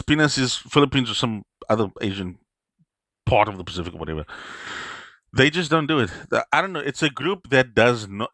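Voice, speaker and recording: A man's voice: medium pitch, bright, forceful tone. A man hosts his own gaming channel and launches into a rambling, frustrated rant, talking bluntly and circling back to his complaints. His voice sits in an ordinary middle range. The sound is dry and close, with no room echo. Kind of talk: ranting commentary vlog.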